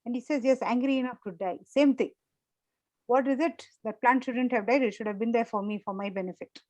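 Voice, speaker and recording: A woman with a fairly high voice leads a small Bible study group. She talks through the passage conversationally, repeats her points and keeps asking the group whether they follow. The sound is close and dry. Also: brisk, darkish tone, dry recording, rough recording.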